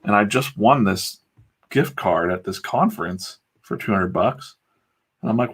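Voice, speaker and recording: Gravelly, husky middle-aged man. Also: on the low side, animated, normal speed. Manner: blunt, pep-talk delivery with mild swearing. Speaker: comic artist streaming his work. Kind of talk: casual chat on a live drawing stream.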